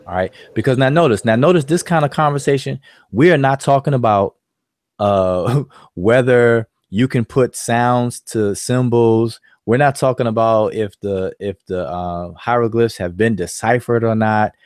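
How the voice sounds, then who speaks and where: A man's voice: medium pitch, unhurried, darkish tone, no room sound, studio quality. A man hosting an online study group, talking in a loose, casual way and repeating words with lots of fillers. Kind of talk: casual discussion.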